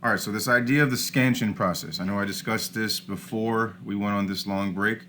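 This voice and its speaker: A man's voice: fairly low pitch, fairly even intonation, a little fast, bright, forceful tone, a little hiss or hum. A man teaching a recorded lesson over slides, informal, often starting with "all right" and correcting himself.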